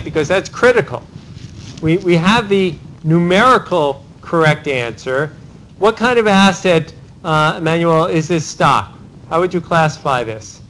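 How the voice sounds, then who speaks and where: A male professor with a high voice leads a university classroom lecture in Socratic fashion. He fires questions at students, names them, and keeps tacking on "right?" as he drives the point home. A faint hiss sits under the recording. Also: a bit bright, rough recording. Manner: rapid cold-calling of students, tag questions like "right?". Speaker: law professor.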